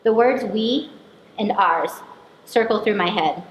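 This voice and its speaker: A woman's voice: medium pitch, slow pace. Woman narrating an introspective memoir. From United States. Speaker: performer. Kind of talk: autobiographical spoken performance. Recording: echoey room recording, faint hiss.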